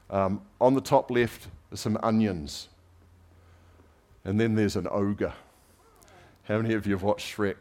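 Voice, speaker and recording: A man preaching a conversational sermon, telling everyday stories with light humor. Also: lowish voice. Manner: relaxed, anecdotal storytelling with light humor. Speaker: pastor.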